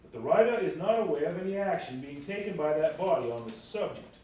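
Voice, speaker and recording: A man's voice: on the high side, expressive, quick pace, warm tone, recorded from a distance, voice pushed up, natural voice. A man putting on an American Southern accent to read out an old document as a formal nineteenth-century Southern chronicler, in an echoey room away from the mic. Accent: American Southern, put on.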